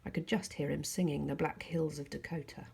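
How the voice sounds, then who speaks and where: A woman teacher reading a novel aloud to pupils in a steady, calm storytelling voice. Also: deep voice, brisk, creaky, slight background noise.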